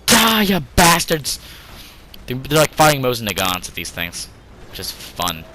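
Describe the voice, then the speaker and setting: A young man with a bright, forceful voice sitting at his computer, rambling and joking through a strategy game. His pitch sits a little low, and he talks to himself as he gives orders. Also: animated, normal speed, a little hiss or hum, rough recording. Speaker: gameplay commentator. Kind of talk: casual gameplay commentary.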